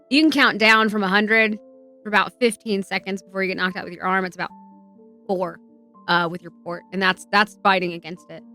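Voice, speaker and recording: Bright, clear-voiced woman streamer. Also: medium pitch. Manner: chatty, emotional, swears freely, many fillers. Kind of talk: casual livestream storytelling.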